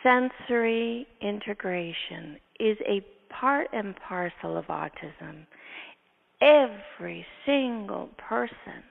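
A woman host telling a story from her work in a lively, animated way, now and then laughing and acting out her own thoughts. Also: mid-range voice, takes it slowly, vocal fry. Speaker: neurotherapist and podcast host. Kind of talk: storytelling in casual chat. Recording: tinny phone-line sound with long reverb.

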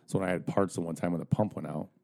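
A man's voice: deep voice, steady tone, rapid-fire, creaky, warm tone. A middle-aged man telling stories in casual chat among friends, swearing freely, rambling, and laughing at his own jokes.

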